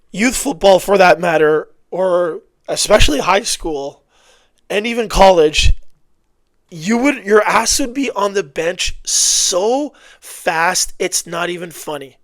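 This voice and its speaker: A man's voice: high voice, slow, no echo. A man breaking down football game film in casual commentary, blunt and often exasperated, correcting himself as he goes. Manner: blunt, animated, exasperated outbursts with self-corrections.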